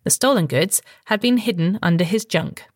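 A woman's voice: on the low side, moderate pace, no echo, studio quality. Woman reading a listener letter.

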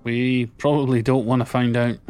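A man's voice: mid-range voice, little pitch movement, normal speed, a little mellow. A man playing a tabletop game, joking and swearing as he plans the next move. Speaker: player.

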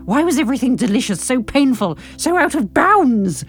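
Lively, playful woman host. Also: sits high, normal speed, faint music behind. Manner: playful, expressive. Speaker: podcast co-host and reader. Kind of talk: comic story reading and banter.

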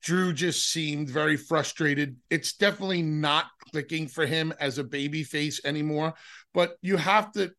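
A man's voice: on the high side, moderate pace, bright, forceful tone. A man co-hosting a wrestling podcast, teasing and wisecracking in casual chat. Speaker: podcast co-host.

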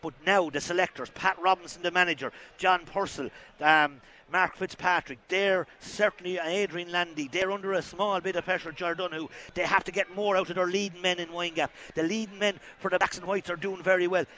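An Irish man giving live play-by-play hurling commentary from an outdoor ground, calling the action excitedly and shouting at big moments. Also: high voice, fairly quick, few pauses.

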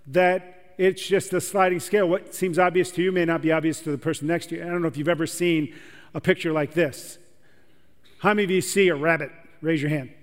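High-voiced preacher in a big hall. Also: male voice. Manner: conversational, asks the audience questions. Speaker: pastor. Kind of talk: sermon. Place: large church hall with audience.

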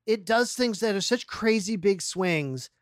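A woman in casual chat, talking in an animated, profane way with frequent laughs. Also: mid-range voice, measured pace, no echo, clean studio sound. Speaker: podcast co-host.

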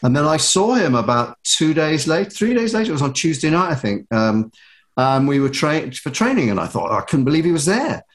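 A man's voice: a little high, brisk. Man telling self-deprecating anecdotes. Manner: self-deprecating, animated, many restarts. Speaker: guest. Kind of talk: anecdotal storytelling.

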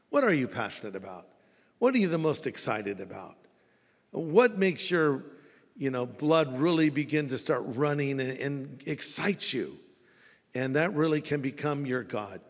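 A man preaching a sermon as pastor, animated and playfully mocking, acting out the voices he quotes. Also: medium pitch, measured pace. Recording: long hall reverb.

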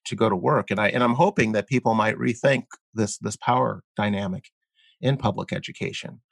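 A man speaking as a guest in an interview, explaining his views earnestly while halting often with fillers and repeated words. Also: lowish voice, creaky, no echo. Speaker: guest columnist. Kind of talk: conversational interview.

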